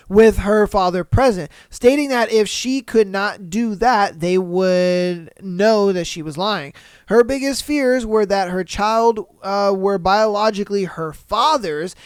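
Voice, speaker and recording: Man, podcast host, casual reading of posts, animated reactions, crisp voice, dry booth. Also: sits high, no room sound. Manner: animated, swearing, acting out reactions.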